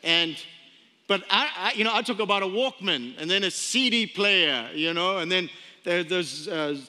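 A man in his thirties preaching a sermon as pastor, chatty and storytelling, repeating phrases and slowing down for emphasis. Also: high-pitched, bright, forceful tone. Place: church sanctuary. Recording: long hall reverb.

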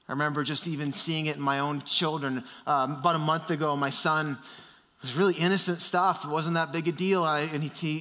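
A man's voice: fairly high pitch, bright, forceful tone. A man in his thirties preaching an earnest sermon, building emphasis through repeated phrases. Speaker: pastor.

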